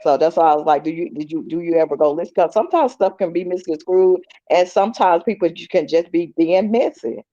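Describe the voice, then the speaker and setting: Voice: mid-range voice, a little fast, hardly any pauses, dark tone, no room sound. Panel questioner, pressing and direct, dull dry sound. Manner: probing, asking pointed questions. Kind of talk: casual live stream panel talk.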